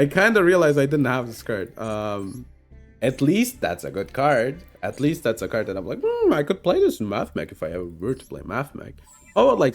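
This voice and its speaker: A man giving casual, rambling commentary while he streams a card game, his pitch swooping up and down as he mocks his own bad luck. Soft music plays faintly underneath him. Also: vocal fry. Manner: animated, self-mocking, rambling with many "like"s.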